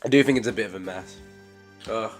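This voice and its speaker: A man's voice: on the low side, fast. A man casually chatting while playing a game, sniffly and fighting off sneezes, swearing offhand. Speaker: gaming channel host. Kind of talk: casual let's-play commentary. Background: game music.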